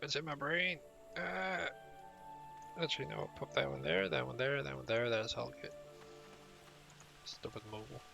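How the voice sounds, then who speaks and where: A man talks his way through a game in a loose, rambling manner and pokes fun at himself while keeping up an accent he has made up. His voice has a rough, gravelly texture, and game music plays clearly behind him. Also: mid-range voice, normal speed, pauses often. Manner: rambling, self-mocking, stuck in a put-on accent. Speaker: game player. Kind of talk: casual gameplay commentary.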